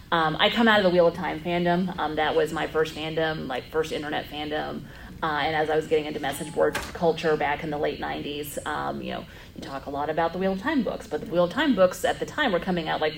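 Low, gravelly woman moderating a panel. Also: fairly quick, a little hiss or hum, poor audio. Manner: chatty, rambling with many fillers. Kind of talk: convention panel discussion. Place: convention panel room.

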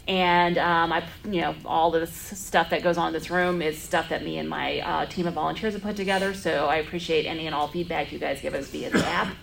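Low, gravelly woman moderating a panel. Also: fairly even intonation, fairly quick, hardly any pauses, a little hiss or hum, poor audio. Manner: chatty, rambling with many fillers. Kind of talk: convention panel discussion. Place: convention panel room.

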